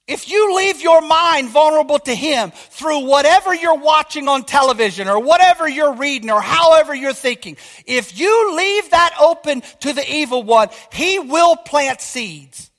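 A man's voice: very high voice, animated, normal speed, few pauses, a bit bright. A man preaching a fiery sermon as pastor, emphatic and often asking his congregation whether they are listening. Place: church. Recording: long hall reverb.

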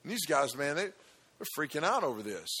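A male preacher with a high, forceful voice delivers an energetic sermon. He speaks with emphasis and keeps turning to his listeners with direct questions. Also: normal speed, slightly rough.

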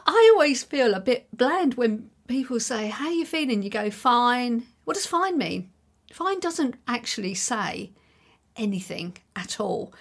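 A woman's voice: fairly high pitch, a bit bright. A middle-aged woman hosting her own podcast, talking alone to listeners in a chatty, reassuring and encouraging way. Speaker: podcast host. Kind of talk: solo podcast monologue.

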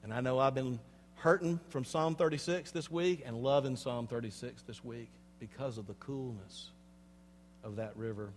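A male pastor delivering a sermon, swinging between hushed, slow passages and loud, emphatic preaching, and speaking straight to the congregation with rhetorical questions. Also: medium pitch, slight background noise. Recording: long hall reverb.

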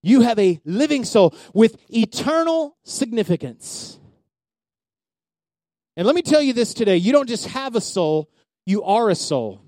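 A man preaching a sermon as pastor, swinging from loud calls to hushed asides. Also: high-pitched, big pitch swings, unhurried, long pauses, no echo.

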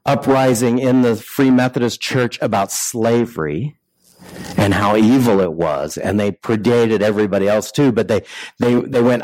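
A man's voice: mid-range voice, normal speed, darkish tone, no echo, rough recording. Dry-voiced man preaching conversationally. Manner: conversational preaching with rhetorical questions and restarts. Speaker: pastor. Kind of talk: sermon.

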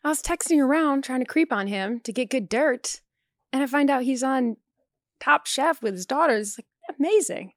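A woman's voice: high voice, expressive, normal speed, dry recording, studio quality. A woman hosting a podcast interview, reacting with enthusiastic short exclamations and asking casual questions. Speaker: podcast host.

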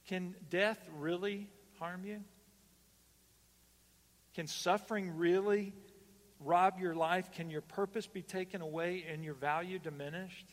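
Man, pastor, sermon, slow-paced, somewhat high voice, church hall reverb. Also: steady tone. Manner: swings from loud emphatic calls to hushed, slow lines.

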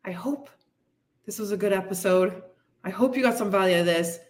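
A woman's voice: medium pitch, fairly quick. A woman fitness coach hosting her podcast, giving a blunt, frustrated, swearing tough-love pep talk. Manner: frustrated, venting. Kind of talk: candid motivational monologue.

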